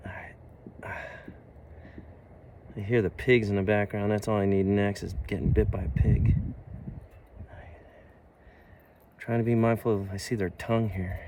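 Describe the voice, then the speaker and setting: A man's voice: fairly low pitch, steady tone, measured pace, pauses often. A man filming an unedited phone vlog outdoors by the water, nervous and swearing, talking soothingly to trapped birds while he frees them. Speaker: vlogger. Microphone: phone held while working. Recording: distant phone mic, loud outdoor noise.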